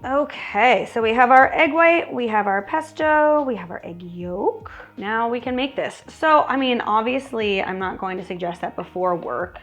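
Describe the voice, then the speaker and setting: A woman's voice: a little high, expressive, moderate pace, few pauses, a bit bright, soft background music. A woman hosting a cooking show in her home kitchen, chatty and wry as she talks through each step. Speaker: cooking channel host. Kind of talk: casual cooking demonstration.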